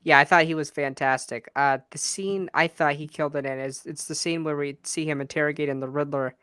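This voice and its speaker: A man with a smooth, resonant voice, pitched a little higher than most, chatting about a film in a relaxed back-and-forth. The sound is dry and close. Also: brisk, no echo. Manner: relaxed, conversational, asks questions. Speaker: podcast co-host. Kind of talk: casual movie review chat.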